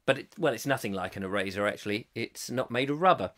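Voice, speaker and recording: A man's voice: mid-range voice, quick pace, a bit bright. A man hosting a live-stream chat show, reading out viewer comments in a jokey, rambling way and laughing often. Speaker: host.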